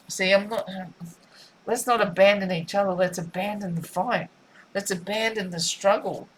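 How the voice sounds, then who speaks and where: A woman's voice: medium pitch, steady tone, normal speed, slight background noise, low-quality recording. A woman giving a spiritual tarot reading, musing and repetitive in a soothing way. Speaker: tarot reader.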